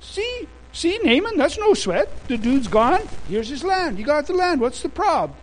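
A man's voice: extremely high pitch, big pitch swings, a little slow, pitched above the performer's own voice, full character voice, poor audio. A man preaching who puts on the voice of a scornful, bossy queen who mocks her husband in slang. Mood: smug. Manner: taunting, mocking slang.

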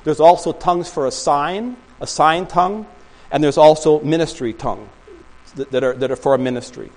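A man's voice: a little high, normal speed, darkish tone, poor audio. A man preaching a sermon in a small church, telling stories and rambling with many restarts. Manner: rambling storytelling with frequent restarts. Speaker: pastor.

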